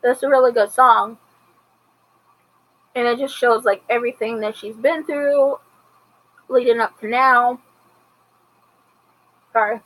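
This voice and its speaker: A woman's voice: on the high side, fairly even intonation, slow pace, long pauses, a bit bright, rough recording. Chatty woman recapping a TV episode. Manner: chatty retelling with acted-out quotes. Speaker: TV episode reviewer. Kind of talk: casual commentary recap.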